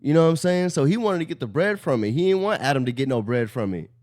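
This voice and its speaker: A man streaming a reaction to a clip, animated and incredulous, swearing freely. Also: fairly high pitch, fast. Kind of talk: casual reaction commentary.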